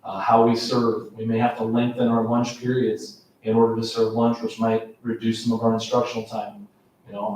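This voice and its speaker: Male school administrator, flat and measured delivery with ums, heard from a distance in a very echoey room. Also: lowish voice, slight background noise. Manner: measured, steady, with frequent ums and restarts. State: has a cough. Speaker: school administrator presenting to a board. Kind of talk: slide presentation at a workshop.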